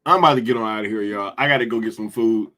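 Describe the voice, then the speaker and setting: A man's voice: on the low side, racing, sharp tone. A man hosting a casual livestream, chatting in slang, reading viewer comments aloud and laughing often. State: hungry after a long day. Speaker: livestream host.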